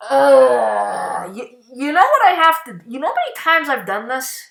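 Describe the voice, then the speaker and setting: A woman's voice: sits high, big pitch swings, moderate pace, gravelly, fairly bright tone, echoey room. A woman vlogger ranting in exasperation, swearing freely and often restarting her sentences. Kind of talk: profane ranting commentary.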